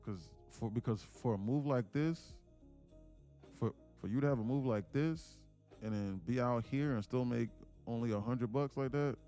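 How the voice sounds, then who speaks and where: A man's voice: mid-range voice, moderate pace, warm tone, soft background music. A man hosting a live trading stream, giving blunt, informal coaching to viewers. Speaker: day-trading livestream host.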